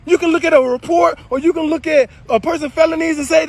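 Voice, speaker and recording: A man casually telling viewers a story, animated and swearing freely, swinging between loud and low. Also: fast talker. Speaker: spiritual video creator.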